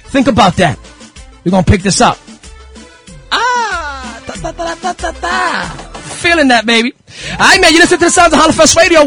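This male radio host speaks at an extremely high pitch with a somewhat bright tone. He delivers an impassioned radio sermon, fervently repeating phrases and firing rhetorical questions at listeners.

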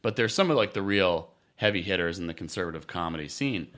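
A man hosting a casual comedy podcast, talking sarcastically and haltingly with many fillers. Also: deep voice, animated, a bit bright. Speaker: podcast host.

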